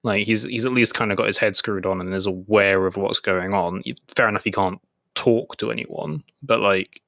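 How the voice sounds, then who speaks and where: A man co-hosting an anime podcast in casual chat, talking fast with lots of fillers and retelling scenes. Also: lowish voice, creaky, a bit bright, no room sound, studio quality. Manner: chatty, many "like" fillers, retells scenes in quoted voices. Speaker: podcast co-host.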